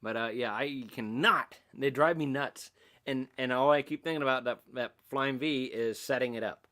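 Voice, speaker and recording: A man's voice: mid-range voice, normal speed, sharp tone. A middle-aged man hosting a casual livestream, rambling and self-mocking as he reads out and answers chat comments. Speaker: livestream host.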